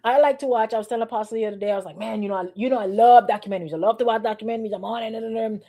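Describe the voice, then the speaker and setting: A woman's voice: on the high side, fairly even intonation, very fast, dark tone. A woman pastor giving a sermon in a conversational, repetitive, playfully sarcastic way.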